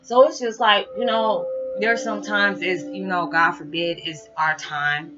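A woman's voice: medium pitch, steady tone, unhurried. A woman vlogging casually to her viewers, rambling with many fillers and calling them y'all. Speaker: spiritual vlogger. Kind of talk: casual direct-to-camera talk. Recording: muffled audio with background music.

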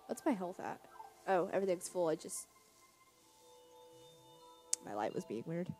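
A woman's voice: fairly low pitch, big pitch swings, unhurried, long pauses, warm tone, soft background music. A young woman casually commenting as she plays a video game, offhand and chatty. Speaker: gaming video creator. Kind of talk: casual let's-play commentary.

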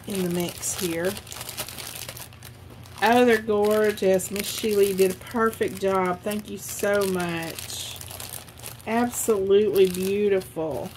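A woman's voice: medium pitch, a little mellow, slight background noise. A woman hosting a craft channel, chatting casually and gushing over handmade cards she was sent. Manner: gushing, effusive. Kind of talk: casual unboxing chat.

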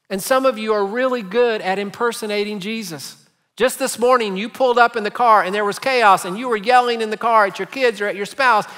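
A man's voice: high voice, a bit bright, long reverb tail. A man preaching a sermon as pastor, telling stories and asking rhetorical questions in a conversational way. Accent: Texan. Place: large church sanctuary.

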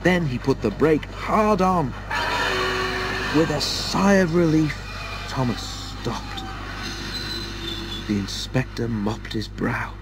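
A man narrating a children's railway story in a steady, measured storytelling voice. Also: a little high, very noisy. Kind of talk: storybook reading.

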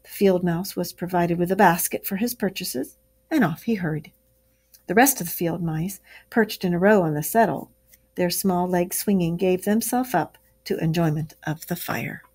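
A woman teacher reading a storybook aloud to a class with expressive, steady storytelling. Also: fairly low pitch, normal speed, slightly rough.

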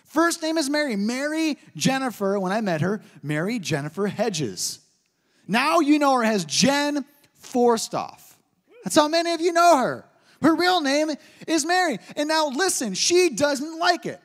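With a very high-pitched voice and a measured pace, a pastor in his thirties delivers a sermon. He's an animated storyteller who jokes while teaching, and the long reverb of the hall surrounds him.

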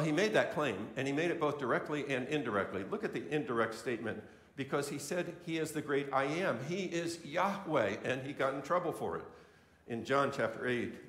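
A man's voice: mid-range voice, a bit bright. A male pastor giving an earnest sermon to a congregation, repeating key phrases for emphasis. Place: church sanctuary. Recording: echoey church room.

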